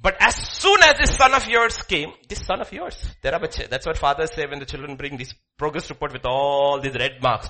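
A man preaching a sermon in a church, swinging between soft asides and loud, animated emphasis. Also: fairly high pitch, fairly quick, hardly any pauses. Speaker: pastor.

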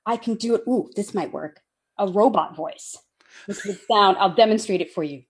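A woman's voice: medium pitch, moderate pace, slightly rough. A woman guest chatting playfully over a video call, joking and laughing often.

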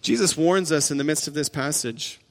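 A man's voice: on the high side, moderate pace, in a large hall. A man preaching a sermon as pastor, in an earnest, repetitive way with frequent restarts.

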